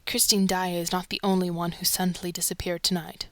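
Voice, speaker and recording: A woman voicing an excitable male theater secretary, asking indignant questions in a rush. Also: on the low side, brisk, no room sound, close to an everyday voice. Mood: agitated.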